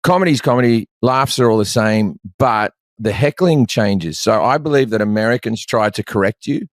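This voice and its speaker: A man's voice: fairly low pitch, lively intonation, normal speed, dry recording, studio quality. A man in his forties with an Australian accent, a comedian rambling through stories in casual chat and swearing freely. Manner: profane, storytelling, rambling. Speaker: comedian guest.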